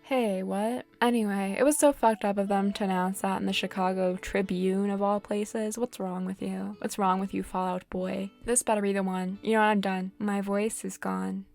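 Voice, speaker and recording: A woman's voice: mid-range voice, flat delivery, normal speed, vocal fry, hardly any pauses, darkish tone, soft background music. A young woman giving sarcastic, profane let's-play commentary on a life-sim game, ranting at the characters. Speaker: gaming vlogger.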